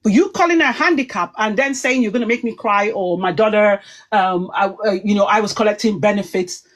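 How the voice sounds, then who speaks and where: A woman's voice: medium pitch, brisk. A woman talking heatedly on a livestream, emphatic and rambling as she goes. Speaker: online commentator.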